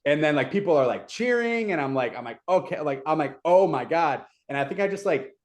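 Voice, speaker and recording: A young adult man, a community advocate, retelling events in a casual, animated way with many fillers. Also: on the high side, fast. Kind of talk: casual storytelling.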